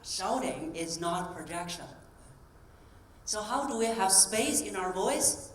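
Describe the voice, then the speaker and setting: A woman voice coach giving a live stage talk, coaching the audience through breathing exercises in a clear, encouraging tone. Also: medium pitch, lively intonation, slow, slight background noise. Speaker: voice coach and keynote speaker. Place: convention hall stage. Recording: roomy hall sound from a distance.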